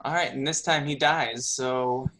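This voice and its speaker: A man narrating a tabletop game as game master, unhurried and full of fillers. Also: mid-range voice, fairly even intonation, bright, forceful tone, poor audio.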